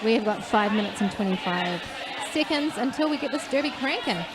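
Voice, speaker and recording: A woman's voice: on the high side, expressive, fairly quick. A woman with a New Zealand accent announcing roller derby, chatty and playful. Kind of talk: live sports commentary. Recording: loud crowd and noise behind.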